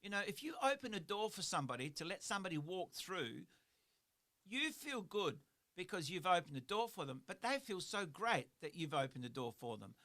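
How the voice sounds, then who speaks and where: A man's voice: high-pitched, sing-song, fairly quick, sharp tone. A middle-aged man hosting a motivational radio chat in a studio, talking earnestly and repeating his points for emphasis. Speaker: radio show host.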